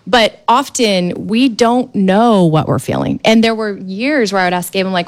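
A woman guest on a talk show, animated and explanatory, chiming in often. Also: medium pitch, normal speed, few pauses. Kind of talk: conversational interview.

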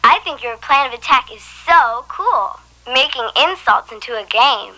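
A woman's voice: sits high, expressive, measured pace, full character voice, poor audio. A woman voicing a friendly, supportive schoolgirl in a cartoon, with a teasing manner. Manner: warm, teasing.

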